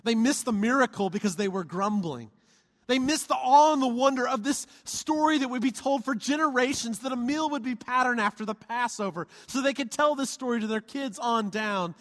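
At a moderate pace, a male pastor with a bright, high-pitched voice delivers a sermon, lively and playful, urging the congregation to say amen. His words echo through the sanctuary with a long reverb.

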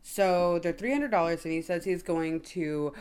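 A woman's voice: lowish voice, moderate pace, clear, resonant tone. A woman in her thirties co-hosting a podcast, chatting casually and telling stories, swearing freely. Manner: swears freely, animated storytelling. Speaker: podcast co-host. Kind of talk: casual chat.

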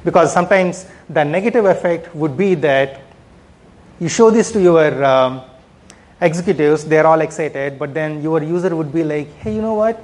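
At a conference, a man talks about product management in a voice on the high side, a little mellow, at normal speed. He keeps things conversational, leaning on fillers and tacking "right?" onto many of his points.

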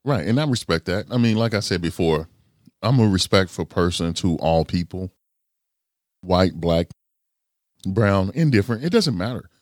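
A man hosting a podcast in a casual, drawn-out talking manner. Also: low-pitched, expressive, a little mellow, no echo, clean studio sound. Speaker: podcast host.

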